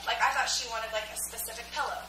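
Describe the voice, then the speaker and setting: Brief: animated woman speaker with a high voice, sarcastic storyteller, recorded from afar in an echoey hall. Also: fast. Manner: animated storyteller who voices her friends; self-described sarcastic. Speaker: speaker at a sales training event. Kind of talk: motivational business talk. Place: event hall. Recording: echoey hall from far off with noise.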